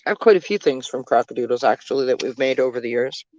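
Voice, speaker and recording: A woman's voice: extremely low pitch, expressive, fast, darkish tone, no room sound, muffled recording. A woman chatting casually from the passenger seat of a moving car, keeping up a running commentary full of fillers. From Canada. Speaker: vlogger, tarot reader. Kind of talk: casual chat while riding in a car.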